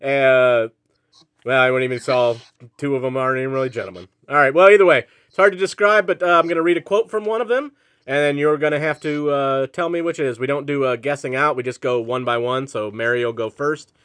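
A man's voice: mid-range voice, fairly even intonation, fairly quick, fairly bright tone, clear, resonant tone. A man hosting a comedy game segment on a podcast, playful and jokey, laughing often. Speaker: game show host.

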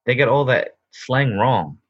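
Man, husky lowish voice, slightly dull mic, easygoing casual chat. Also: expressive, unhurried, no echo. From United States. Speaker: podcast co-host. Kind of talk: casual chat, then reading a script.

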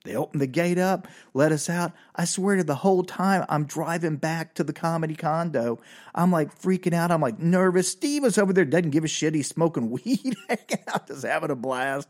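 A man hosting a comedy podcast, telling a story in an animated, excitable way. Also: fairly high pitch, fairly quick. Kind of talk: storytelling monologue.

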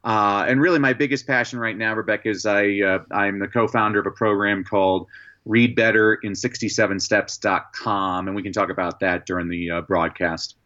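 A man being interviewed as an educator and motivational speaker, telling lively stories with many "uh" fillers. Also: lowish voice, moderate pace, dull audio. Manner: lively anecdotes, frequent "uh" fillers. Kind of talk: storytelling in a podcast interview.

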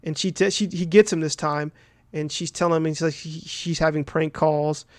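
Chatty, rambling man, bright pitch, dry sound. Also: steady tone, normal speed, no echo. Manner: rambling, profane, heavy fillers and "right?" tags. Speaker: podcast host. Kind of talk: casual film recap.

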